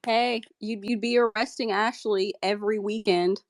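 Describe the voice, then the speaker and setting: A woman's voice: mid-range voice, fairly even intonation, normal speed. A woman interviewer in a casual chat, dropping teasing, joking asides.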